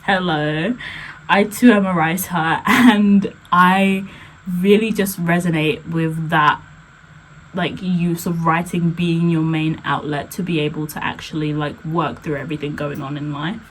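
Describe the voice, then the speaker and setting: A woman's voice: deep voice, steady tone, a little slow, a little hiss or hum, poor audio. A woman blogger and poet talking casually on a vlog, chatty and full of "like" and "um" fillers. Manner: chatty, heavy use of "like" and "um" fillers.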